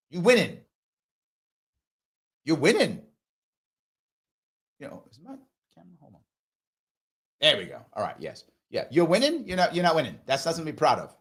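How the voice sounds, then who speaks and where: A man runs a live ask-me-anything stream, taking viewer comments one by one. His pitch swoops up and down as he stresses points, and he repeats key phrases for emphasis. He also slips into mocking impressions of the people he argues against. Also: a bit bright. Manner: does mocking voices of opponents.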